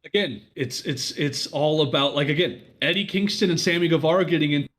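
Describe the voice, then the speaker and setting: A podcast co-host argues his side and tells stories in casual chat, rambling and restarting as he goes. His voice is fairly high, brisk, and a bit bright.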